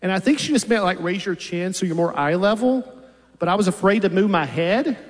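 A man's voice: high-pitched, brisk. A man in his fifties doing a stand-up set on a theater stage, telling dry, self-deprecating stories. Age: 50s. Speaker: stand-up comedian. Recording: long hall reverb from a big venue.

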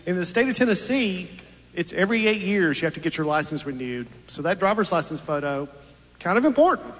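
High-voiced man in his fifties, dry comic. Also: animated, brisk, fairly bright tone. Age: 50s. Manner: dry, self-deprecating storytelling. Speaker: stand-up comedian. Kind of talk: stand-up comedy set. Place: large theater stage. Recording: long hall reverb from a big venue.

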